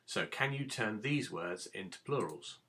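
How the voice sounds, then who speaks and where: A man's voice: lowish voice, animated, unhurried, pushed and bright. A man teaching a recorded phonics lesson to young children, giving patient step-by-step instructions. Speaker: primary school teacher.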